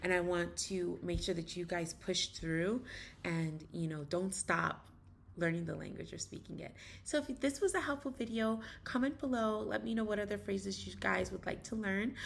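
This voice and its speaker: Gravelly woman teaching phrases. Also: fairly low pitch, steady tone, fairly bright tone, slight background noise. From United States. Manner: repeats practice phrases slowly, emphatic. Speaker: language teacher vlogger. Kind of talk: casual spoken language lesson.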